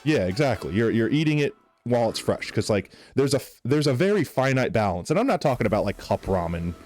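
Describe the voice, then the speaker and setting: A man's voice: mid-range voice, big pitch swings, brisk, darkish tone, faint music behind. A young man from New York with a slight Southern accent, chatting casually and rambling with lots of fillers while he streams a game. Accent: Southern US tinged. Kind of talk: casual chat while gaming.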